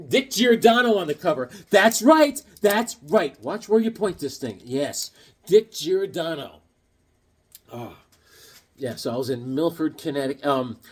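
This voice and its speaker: A man chatting casually about his comic book haul, animated and jokey, slipping into silly voices. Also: fairly high pitch. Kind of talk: casual chat.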